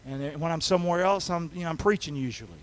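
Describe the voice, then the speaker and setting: A man preaching a folksy sermon, calling for responses and swinging from soft talk to shouting. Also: fairly high pitch, fast talker, poor audio. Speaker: pastor. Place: church sanctuary.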